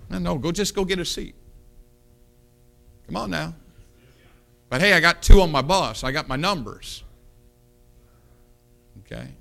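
A male pastor preaching, telling a personal story with lively quoted dialogue and punchy delivery. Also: high voice, normal speed, gravelly, pauses often, soft background music. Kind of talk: sermon storytelling.

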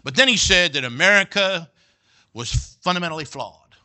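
A man's voice: on the high side, animated, normal speed, pushed and bright. A middle-aged man preaching a sermon as pastor, folksy and joking, often checking in with "all right?" and "you know".

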